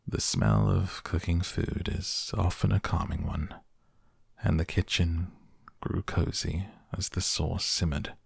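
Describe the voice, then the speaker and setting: A man narrating an audiobook in a wry, measured storytelling manner. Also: sits low, creaky, darkish tone, husky, no echo, studio quality.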